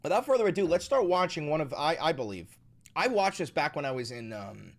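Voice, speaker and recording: Animated, profane man hosting a reaction video. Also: a little high, a little fast. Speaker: host. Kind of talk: casual reaction commentary.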